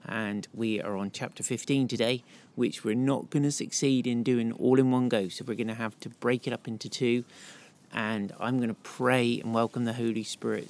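A man's voice: mid-range voice, steady tone, moderate pace. A middle-aged man, giving an earnest, chatty Bible talk while walking outdoors. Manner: warm, earnest, chatty with asides. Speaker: podcast host and Bible teacher.

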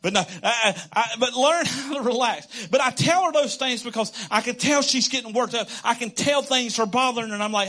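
Animated high-voiced pastor, casual sermon. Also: male voice, a little fast, few pauses. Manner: animated, conversational, laughs often, acts out quotes.

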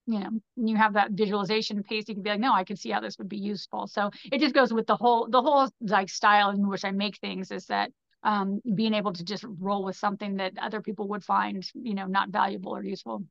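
Her voice is medium in pitch, steady, fast, a bit bright, and marked by vocal fry. A fashion designer guesting on a podcast, she tells loose, rambling stories laced with "like" and "you know," recorded with no room sound but a dull, muffled quality.

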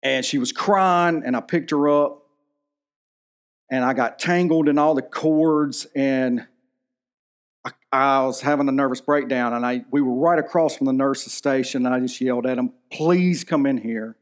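A man's voice: medium pitch, measured pace, clean tone. A man in his thirties preaching a sermon in a church, telling a personal story in an earnest, emotional way. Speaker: pastor.

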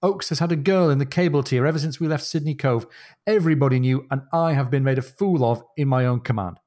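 A man's voice: mid-range voice, moderate pace, lightly acted. A man voicing an indignant naval captain who feels made a fool of aboard his own ship. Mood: outraged. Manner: indignant outburst. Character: furious middle-aged male sea captain.

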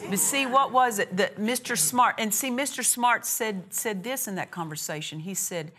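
A woman's voice: fairly low pitch, moderate pace, sharp tone. A woman preaching a sermon with a call-and-response rhythm, building to emphatic, raised phrases.

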